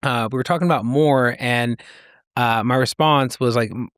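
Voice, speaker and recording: A man in his thirties co-hosts a relaxed podcast conversation, working through ideas in a reflective, meandering way. His pitch sits in the middle of the range, and the recording is dry and close, with no room sound. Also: moderate pace, smooth, no room sound. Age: 30s. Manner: reflective and rambling, philosophical musings. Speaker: podcast co-host.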